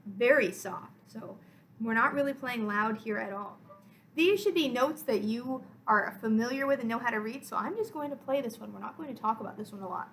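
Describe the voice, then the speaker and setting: A woman orchestra teacher explaining music step by step in a clear, encouraging way for a recorded lesson. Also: a little high, fairly bright tone, slight background noise, low-quality recording.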